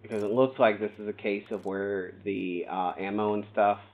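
A fairly low-voiced man streams a game and chats loosely, talking through what he sees and explaining tech things to a friend at length. The sound is thin and tinny, like it came through a phone line. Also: level tone, normal speed. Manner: chatty, explains things at length, thinks aloud while playing. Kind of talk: casual gameplay stream chat.

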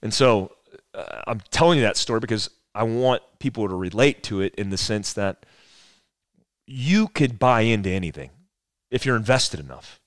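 Man, 40s, low voice, profane, rambling storyteller, podcast guest, dry close mic. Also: animated, moderate pace, no room sound. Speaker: podcast guest, former special forces soldier. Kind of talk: casual storytelling conversation.

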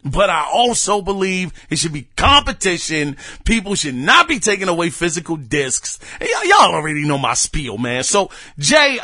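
A man's voice: sits high, pushed and bright, dry recording, studio quality. A man in his thirties hosting a solo gaming podcast, talking casually and animatedly in slang, straight to his listeners. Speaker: podcast host.

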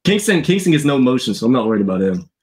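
A man's voice: medium pitch, very animated, racing, crowd noise. Dismissive young gamer man. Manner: dismissive, offhand. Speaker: gamer in a post-game chat. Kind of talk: casual voice-chat banter. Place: online voice chat.

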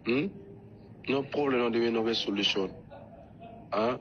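A man's voice: mid-range voice, measured pace, lo-fi sound. A man with a Sierra Leonean Krio English accent leaving a private voice message, pleading and reassuring, often repeating questions to check he is understood.

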